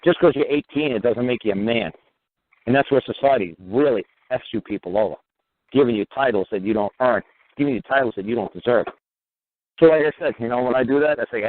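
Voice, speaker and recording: This talk radio host delivers a rambling, profane monologue, returning again and again to "you know what." He speaks briskly in a mid-range voice, and the audio has a tinny phone-line quality.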